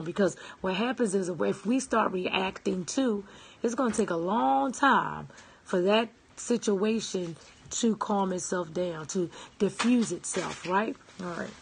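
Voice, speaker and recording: Woman, motivational talk, husky voice, emphatic, repeats herself. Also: mid-range voice, a little slow. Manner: emphatic, repeats phrases, checks in with "okay?" and "right?"; greets live viewers. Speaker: self-help speaker.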